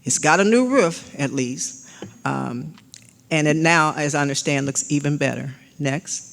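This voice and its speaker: A woman's voice: sits low, measured pace, gravelly, a bit bright. Older female lecturer, casual slide talk with fillers, long hall reverb. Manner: conversational, with frequent fillers and restarts, cueing slides with "next". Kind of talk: slide-show history lecture.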